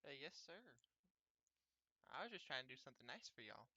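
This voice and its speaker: A man's voice: mid-range voice, big pitch swings, brisk, bright, forceful tone, dry recording. A man playing a tabletop game who speaks in a polite, hesitant way and stammers. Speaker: player.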